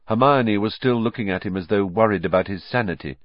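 Man reading a story aloud, expressive and measured, low voice, muffled dry sound. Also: dry recording. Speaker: audiobook narrator. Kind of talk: scripted narration. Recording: dull lo-fi dry recording.

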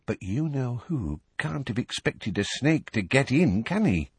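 A man voicing a young female witch reporting news in a hushed voice, in an audiobook reading. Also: mid-range voice, very animated, a little slow, husky, no room sound, voice pushed up, exaggerated voice.

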